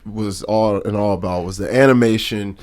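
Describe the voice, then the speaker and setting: A man's voice: fairly low pitch, normal speed. A man co-hosting a podcast, chatting casually and enthusiastically about movies. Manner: enthusiastic, animated fan talk. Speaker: podcast co-host. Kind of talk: casual chat.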